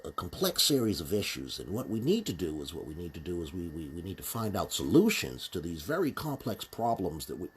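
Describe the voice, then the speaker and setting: A man voicing a soft-spoken male leader with a nasal, bass-less tone, stumbling through vague phrases. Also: big pitch swings, slightly rough, exaggerated voice. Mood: hedging. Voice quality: nasal, lighter tone without bass. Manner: halting, repeats words, vague wording.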